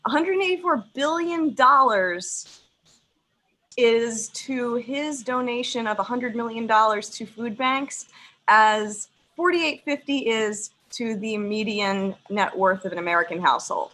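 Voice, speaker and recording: A young woman performing a stand-up set on a video call, emphatic and profane, pausing like a preacher between lines. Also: on the high side, a bit bright, rough recording. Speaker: stand-up comedian.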